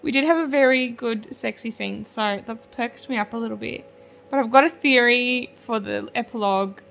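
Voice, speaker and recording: Young woman, high voice, chatty book vlog, animated. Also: moderate pace, vocal fry, faint music behind. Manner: chatty and animated, many fillers. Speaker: book vlogger. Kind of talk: casual vlog chat.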